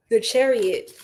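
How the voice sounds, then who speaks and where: A young woman giving a casual live-stream tarot reading, animated and slangy as she chats with her viewers. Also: on the high side, slightly rough.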